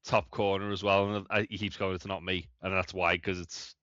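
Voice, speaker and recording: Male co-host, low voice, excitable, swears a lot, lo-fi recording. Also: moderate pace, no echo. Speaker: podcast co-host. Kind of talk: casual chat.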